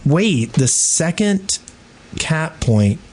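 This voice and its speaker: A man's voice: on the high side, sing-song, drawn-out words, darkish tone, breathy edge. A man co-hosting a casual gaming podcast, joking around and reading listener email aloud. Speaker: podcast co-host.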